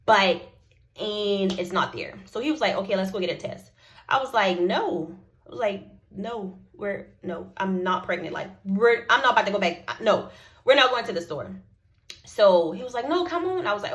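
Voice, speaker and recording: A woman's voice: medium pitch, a bit bright. A young woman, telling a personal story to her viewers and acting out both sides of the conversations. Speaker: vlogger. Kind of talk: casual storytelling to camera.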